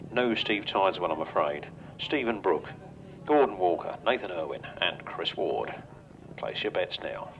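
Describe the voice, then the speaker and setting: An older English man announcing riders and calling a grasstrack race over a loudspeaker at an outdoor track, chatty and joking with the riders. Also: deep voice, lively intonation, moderate pace, slight background noise. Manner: chatty, jokey, banters with riders. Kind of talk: live grasstrack commentary over a PA. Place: outdoor racetrack. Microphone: public address microphone. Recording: dull lo-fi outdoor recording.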